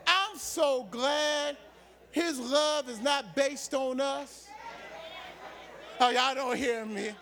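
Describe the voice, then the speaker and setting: A preacher man with a very high, bright voice, shouting his sermon in slow, drawn-out waves. His tone is gravelly and sharp, and he keeps repeating lines back at the congregation. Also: some chatter behind. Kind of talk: shouted call-and-response sermon.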